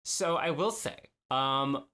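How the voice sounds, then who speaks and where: A young adult man co-hosting a casual podcast, animated and fond of quick jokes. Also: medium pitch, clean tone. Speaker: podcast co-host. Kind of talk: casual chat.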